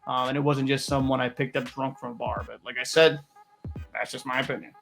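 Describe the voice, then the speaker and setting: A man's voice: mid-range voice, steady tone, a little fast, creaky, a bit bright, faint music behind. A young man hosting a reaction video, talking candidly in a rambling, casual way and swearing freely. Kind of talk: casual commentary.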